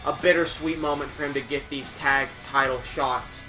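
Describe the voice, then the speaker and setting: A man's voice: mid-range voice, steady tone, normal speed, music in the background. A young man livestreaming a wrestling game, joking and swearing casually as he commentates. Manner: joking, profane, rambling. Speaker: streamer and commentator.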